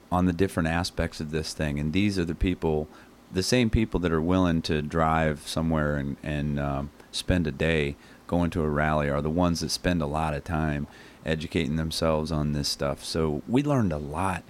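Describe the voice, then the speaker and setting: A man's voice: low-pitched, darkish tone, slight background noise. A man hosting a casual talk show, earnest and rambling, often stopping to correct himself. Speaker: show host. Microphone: headphones and studio mic.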